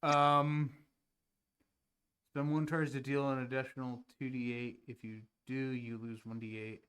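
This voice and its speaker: A man runs a live-streamed tabletop game, talking casually and working through rules out loud. His voice is bright and crisp, at an ordinary male pitch. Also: level tone, unhurried. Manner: casual, thinks aloud over rules. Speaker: game master.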